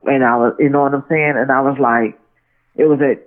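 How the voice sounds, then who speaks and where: With a very deep, steady voice, a woman talks a little fast as a guest in a casual phone interview. Her storytelling wanders, with repeated restarts and "you know what I'm saying," all heard through a tinny line.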